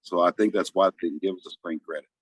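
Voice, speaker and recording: Deep husky quick-talking man. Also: fairly even intonation, dry recording. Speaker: podcast guest. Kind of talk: casual interview chat.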